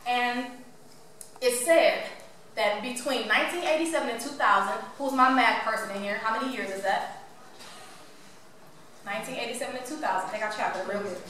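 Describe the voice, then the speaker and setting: A woman tells her story to a live audience in a high, lively voice. She is playful and keeps asking the room questions. The sound is echoey and distant, with faint room ambience behind her. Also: fairly quick, long pauses, a little hiss or hum. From Cleveland, Ohio. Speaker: motivational speaker.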